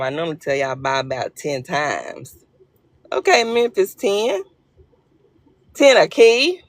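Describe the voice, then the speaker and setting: Arkansas lady on a phone live, laid back and jokey, kinda gravelly voice. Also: low voice, no echo. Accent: Arkansas Southern US. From Arkansas, USA. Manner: laid-back, joking, chatty with viewers. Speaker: livestream host. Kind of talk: casual live chat.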